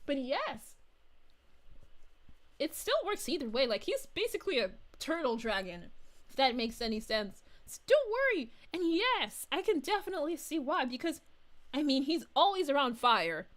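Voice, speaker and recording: A woman VTuber stays in character as a bubbly, giggly young princess while chatting with her livestream viewers. Her voice is high and sing-song, at a normal speed.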